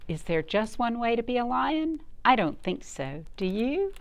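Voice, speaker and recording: A woman librarian reading a picture book at children's storytime, gently asking the children questions. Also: fairly high pitch, very animated, a little slow, vocal fry, hardly any pauses, a little hiss or hum.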